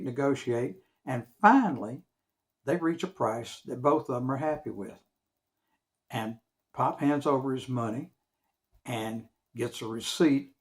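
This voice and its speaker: A man telling a tall tale in a folksy, drawn-out storytelling manner. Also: medium pitch.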